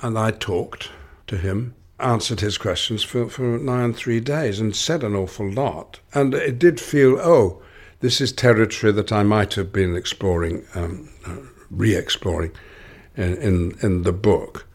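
An older man from Lancashire with a Lancashire accent, a guest giving reflective interview answers, musing and halting with many restarts. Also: on the low side. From Lancashire, England.

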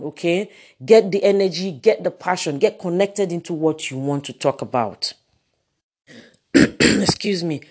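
A woman giving a lively lecture, often repeating words and using fillers. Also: sits low. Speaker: teacher. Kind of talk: lecture on public speaking.

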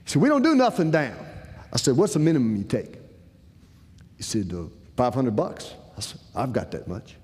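Animated man telling a story in a hall. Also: mid-range voice, moderate pace. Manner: animated, acts out the dialogue. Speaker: speaker telling a personal story. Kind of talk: storytelling talk to an audience. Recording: long hall reverb.

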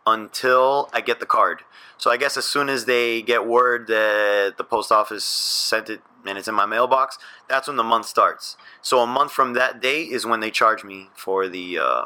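Bright-voiced man chatting casually. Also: medium pitch. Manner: laid-back, rambling, swears casually. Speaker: podcast co-host. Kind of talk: casual chat.

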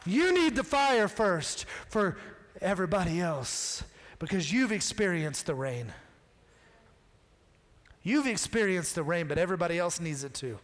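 A male pastor with a notably high voice delivers a sermon. He tells the story in an animated, casual way and slips into the characters' dialogue. His voice rings out with the long reverb of a large hall.

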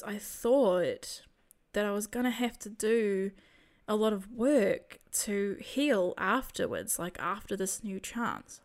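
A woman telling a personal faith testimony in a soft, reflective storytelling manner. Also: mid-range voice, takes it slowly. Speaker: storyteller sharing a spiritual experience.

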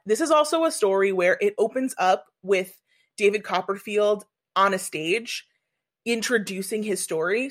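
Woman, casual film chat; eager, rambling, freely profane. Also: medium pitch. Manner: enthusiastic, rambling, swears casually.

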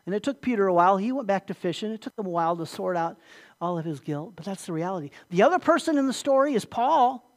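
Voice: mid-range voice, animated, quick pace. A pastor preaching a sermon, emphatic, often repeating words and putting questions to the listeners.

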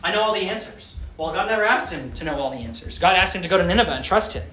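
Bright-voiced man preaching in an echoey room. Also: sits high, rapid-fire, slight background noise. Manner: animated, asks the audience questions. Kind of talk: sermon.

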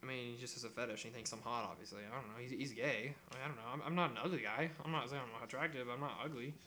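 A young man on a podcast, telling a story in casual chat, animated and swearing often while he acts out what others said. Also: mid-range voice, racing, a little hiss or hum. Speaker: podcast co-host.

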